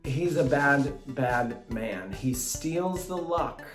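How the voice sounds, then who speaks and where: A woman's voice: very deep voice, lively intonation, slow pace. A woman rambling with giggles in a comedic movie chat. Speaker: panelist. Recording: echoey room with music bed.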